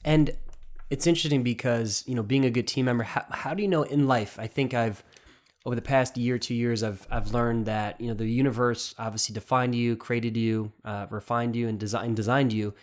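A man hosts a relaxed interview in a middle-pitched voice. He rambles and reflects, piling up asides before he reaches his question. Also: a little fast. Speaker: podcast host and author. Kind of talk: casual interview conversation.

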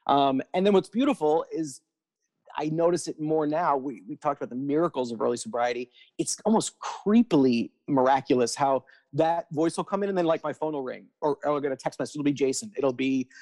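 Excitable man chatting, bright higher voice. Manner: animated, quick bursts, frequent restarts. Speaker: podcast guest. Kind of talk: casual chat.

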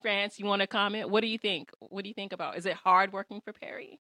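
A woman's voice: mid-range voice, steady tone, fast, bright, forceful tone, no room sound. A woman hosts a casual interview with an easy, teasing way of asking questions. Her voice sits in a middle range, and the recording is dry with little room sound. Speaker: podcast host.

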